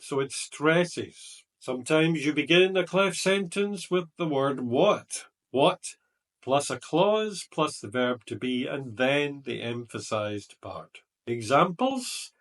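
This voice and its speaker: A middle-aged man teaching a writing lesson as an exam tutor, slowly reading out example sentences and explaining them. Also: mid-range voice, lively intonation, a bit bright, recorded from a distance. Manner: slow, deliberate, reading example sentences aloud. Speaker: IELTS examiner and teacher.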